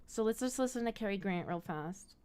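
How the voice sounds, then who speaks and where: A woman's voice: medium pitch, lively intonation, brisk, darkish tone, clear, resonant tone. A woman hosting a casual movie chat, giggly and rambling as she thinks aloud. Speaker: host.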